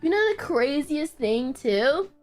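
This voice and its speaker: High, lively woman telling a wild story. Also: takes it slowly, faint music behind. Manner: animated, swears a lot, laughs in disbelief. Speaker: streamer. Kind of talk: casual storytelling on stream.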